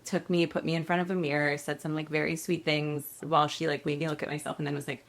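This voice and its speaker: Speaking quickly in a low voice, with barely a pause, a woman in her thirties who is a guest actress recounts a story in a casual interview. She's an animated storyteller who performs the quoted voices of everyone involved.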